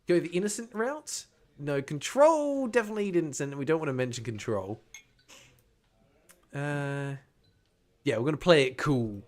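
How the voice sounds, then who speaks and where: A man's voice: medium pitch, animated, moderate pace. A young man commentating a story game, reading its text aloud with playful, wry asides. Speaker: gaming streamer.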